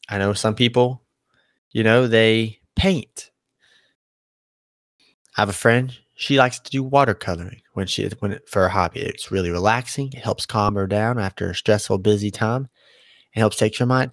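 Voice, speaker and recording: A young man hosts a solo podcast with a lowish, fairly bright voice at a moderate pace. His talk is casual and meandering, with frequent mid-sentence self-corrections. The sound is clean studio audio without echo.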